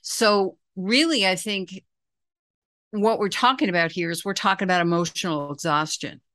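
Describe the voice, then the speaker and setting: A woman's voice: mid-range voice, moderate pace, sharp tone, no room sound, clean studio sound. A woman in her sixties, a guest on a parenting interview, speaking in an earnest, emphatic and encouraging way. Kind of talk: conversational interview.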